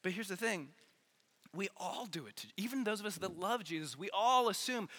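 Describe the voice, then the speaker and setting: A man preaching an earnest, energetic youth sermon, repeating phrases for emphasis, in a large church hall. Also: sits high, normal speed. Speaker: youth pastor. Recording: long hall reverb.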